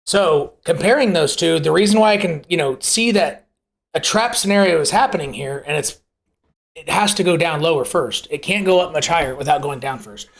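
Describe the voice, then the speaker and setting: Live-stream market host, loose and conversational, self-correcting, pitch jumping around a lot. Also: lively intonation, normal speed, vocal fry. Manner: uses homely analogies and rhetorical questions. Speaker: host of a live crypto price analysis show. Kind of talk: casual live chart commentary.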